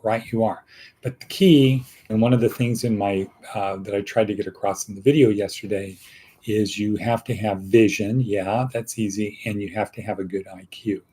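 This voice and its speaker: A man hosting a casual motivational talk, slow and rambling, with quick asides. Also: fairly low pitch, steady tone, mellow, husky. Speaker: host.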